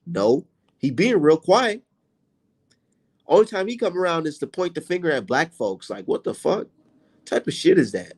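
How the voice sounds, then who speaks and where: A young man vents in a heated, profane livestream rant, blunt and exasperated. His voice swings widely in pitch as he stops to read viewer comments aloud. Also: darkish tone. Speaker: boxing commentator and channel host.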